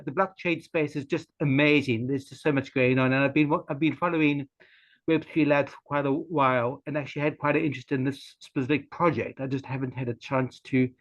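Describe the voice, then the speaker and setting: Rambling man on a muffled video call. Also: a little high. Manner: hesitant, rambling with many fillers. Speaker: community call participant. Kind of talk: casual self-introduction on a video call.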